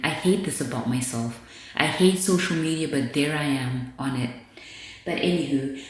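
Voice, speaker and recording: A woman hosting a podcast, talking bluntly and candidly in a casual monologue, with plenty of swearing. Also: extremely low pitch. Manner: candid, blunt, profane commentary. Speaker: podcast host. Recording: very echoey room.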